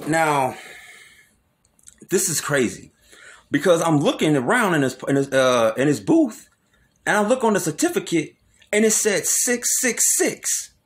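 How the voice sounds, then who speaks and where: A young man telling a personal story to his channel in a casual, animated way, often repeating words and dropping slangy asides. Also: fairly high pitch.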